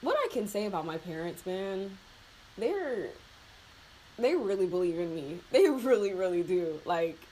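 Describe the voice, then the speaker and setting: In a low-quality recording with a little hiss or hum, a young woman who makes beauty videos chats while applying makeup. Her medium-pitched voice is sing-song, unhurried and a little mellow, and she sounds heartfelt and on the verge of tears, laughing and using lots of fillers.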